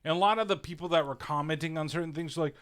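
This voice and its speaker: A man's voice: on the high side, very fast, a bit bright, clean tone. A man co-hosting a podcast, telling a profane, ranting story in casual chat. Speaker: podcast co-host.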